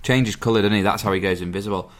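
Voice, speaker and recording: A man's voice: fairly low pitch, steady tone, fast talker. A man in casual chat, recapping a film plot at length and stumbling over some words. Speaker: podcast co-host.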